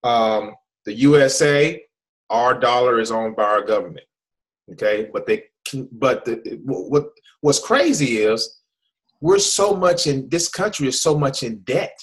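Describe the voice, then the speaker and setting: A man's voice: medium pitch, lively intonation, unhurried, low-quality recording. Rambling American man with many restarts. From USA. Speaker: host. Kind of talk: casual hangout presentation.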